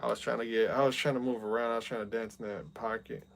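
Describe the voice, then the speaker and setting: A man's voice: medium pitch, steady tone, fast talker, creaky. A young man streaming and chatting casually, venting with heat and repeating "bro" and "man" a lot. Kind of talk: casual chat.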